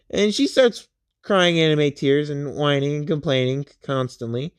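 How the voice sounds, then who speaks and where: A man casually retelling a fan story in a rambling, halting way, searching for words. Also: fairly high pitch, steady tone, clear, resonant tone. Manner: rambling, halting, with many fillers and restarts.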